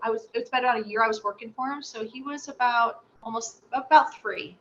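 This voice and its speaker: A woman being interviewed, telling a personal story with animated delivery and acting out the voices she quotes. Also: a little high, brisk. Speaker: interview guest. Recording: slightly dull audio with faint noise.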